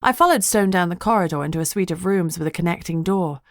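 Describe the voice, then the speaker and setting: A woman narrating a first-person audiobook in a wry, even storytelling way. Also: lowish voice, fast talker, dry recording, studio quality.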